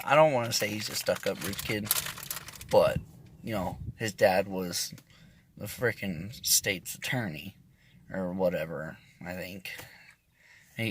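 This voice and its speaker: A man's voice: fairly low pitch, measured pace, long pauses, a bit bright, a little hiss or hum. A man telling a rambling, profane story in a casual, self-interrupting way.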